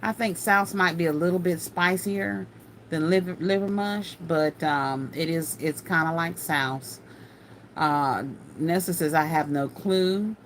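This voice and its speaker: A woman's voice: fairly low pitch, a little slow, a bit bright, slight background noise. A woman hosting a casual craft livestream, chatting folksily and laughing often as she answers viewer comments.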